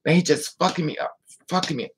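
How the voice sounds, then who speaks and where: A vlogger tells a personal story in a casual story-time monologue, with a gravelly, husky, mid-pitched voice and a quick pace. The telling is emotional and candid, full of hushed asides, and they reply out loud to viewer comments. The recording quality is low.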